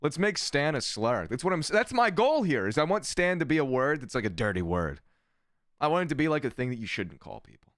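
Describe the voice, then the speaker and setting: This man's voice sits on the high side, fairly quick, a bit bright and sing-song. As a streamer he reads chat aloud and answers with sarcastic commentary full of swearing, in a casual livestream style. There's no room sound on the recording.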